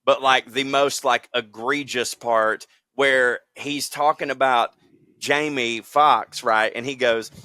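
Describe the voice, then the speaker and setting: A man co-hosting a podcast with quick, profane banter. His voice is bright and forward, and the sound is dry and close, with no room around it. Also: mid-range voice, fairly even intonation, smooth, dry recording. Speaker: podcast co-host. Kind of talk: casual podcast chat.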